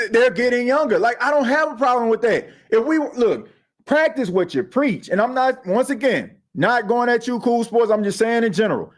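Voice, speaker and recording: A man hosting a sports podcast, talking in an animated, slangy way and reacting to viewer comments. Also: very high-pitched. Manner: animated, slangy, reads chat comments aloud. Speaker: podcast host.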